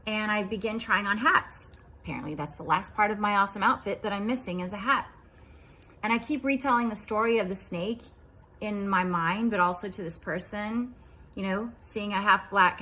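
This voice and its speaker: A woman in her fifties casually recounting a strange dream, chatty and rambling, dropping into quiet asides. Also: medium pitch, rough recording. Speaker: vlogger.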